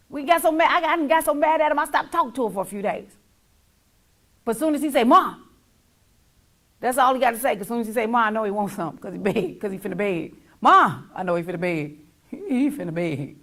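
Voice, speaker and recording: A middle-aged woman telling her own story as a mother, emphatic and repetitive, sometimes dropping almost to a whisper. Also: on the high side. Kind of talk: heartfelt personal testimony.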